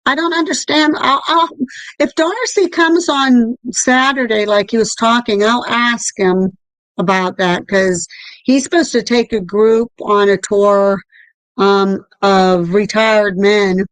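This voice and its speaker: A middle-aged woman co-hosting a casual talk show, telling a story in an animated way with swearing. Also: medium pitch, slow pace, no echo, poor audio. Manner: animated storytelling, swearing, repeated "I'm there like". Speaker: co-host. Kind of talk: casual chat about paranormal experiences.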